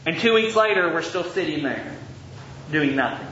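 Guy preaching, high voice, drags out the bible verses, asks the crowd stuff, roomy muffled church sound. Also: lively intonation, background noise. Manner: reads scripture aloud with emphatic, drawn-out phrases; asks the congregation direct questions. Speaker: pastor. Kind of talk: sermon. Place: church sanctuary.

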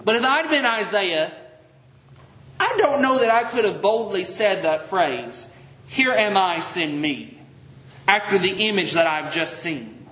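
A man preaching a sermon to his congregation, reading scripture aloud with emphatic, drawn-out phrases and putting direct questions to the listeners. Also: sits high, expressive, bright, forceful tone, roomy sound, dull audio. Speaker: pastor. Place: church sanctuary.

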